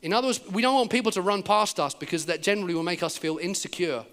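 An English man preaching a sermon at a church service, his voice sitting a little higher than most men's. He tells stories with lively energy and slips into the voices of the people he quotes. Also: fast. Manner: animated storytelling, acting out quoted speech.

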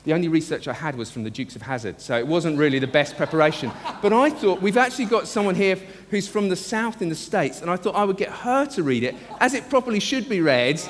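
A man preaching a sermon as a pastor, earnest and emphatic, slowing down to stress key phrases. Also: sits high, expressive, big-room sound. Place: church.

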